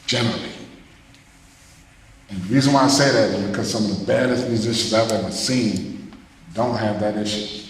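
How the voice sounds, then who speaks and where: A man talking to students in a loose, animated way, breaking into scatted rhythms between his stories. His voice sits at an ordinary pitch and booms around a big echoey hall with a long reverb tail and faint background noise. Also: normal speed, long pauses. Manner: animated, scats rhythms, loose casual phrasing. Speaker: jazz musician giving a masterclass. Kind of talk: storytelling talk to students.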